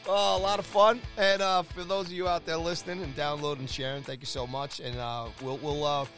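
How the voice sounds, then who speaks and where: High-pitched guy cohosting a podcast, jokey and bouncy, music going behind him. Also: level tone, brisk, hardly any pauses. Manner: jokey, laughs often, loud outbursts. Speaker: podcast co-host. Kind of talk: casual sports podcast banter.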